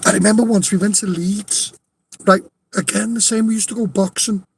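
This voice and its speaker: A man's voice: high voice, steady tone, moderate pace, creaky, slight background noise. A man with a Liverpool accent telling a rowdy anecdote in casual chat, swearing freely, laughing often and insisting it is true. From Liverpool, England. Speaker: storyteller.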